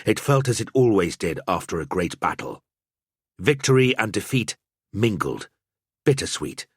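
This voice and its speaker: A man narrating an audiobook in a measured storytelling manner. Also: low voice, big pitch swings, husky, no room sound, clean studio sound.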